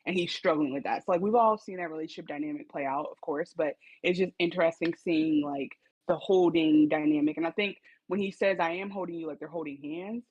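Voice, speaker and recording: A woman's voice: low-pitched, fairly quick, hardly any pauses, darkish tone, slightly rough, muffled recording. A woman co-hosting a podcast, thinking aloud in a casual, reflective way about a TV episode. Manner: reflective, hedging with fillers. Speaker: podcast co-host. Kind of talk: casual recap chat.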